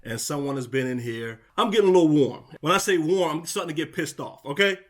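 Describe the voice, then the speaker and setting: A man's voice: fairly high pitch, animated, fast talker, heavy background noise. A man narrating a vlog outside a vacant house, growing more and more exasperated. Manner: exasperated, building up heat. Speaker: property manager vlogger.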